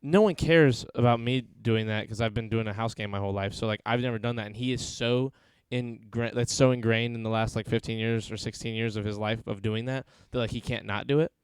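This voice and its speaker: A man's voice: fairly low pitch, fairly even intonation, fairly quick, few pauses, clear, resonant tone, dry recording. A man hosting a podcast, telling rambling stories in casual chat and quoting friends in put-on voices. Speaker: podcast host.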